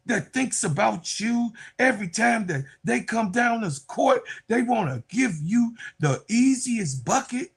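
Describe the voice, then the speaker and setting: A man hosting a sports podcast, giving excitable, loud, casual commentary and talking straight to his viewers. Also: sits high, gravelly, husky. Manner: excitable, loud, chatty, talks to viewers as y'all.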